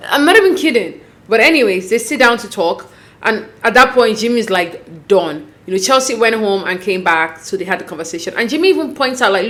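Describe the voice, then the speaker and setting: A woman casually recapping a reality show episode, chatty and animated, acting out what the cast members said. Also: a little high, a little fast. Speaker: recap vlogger.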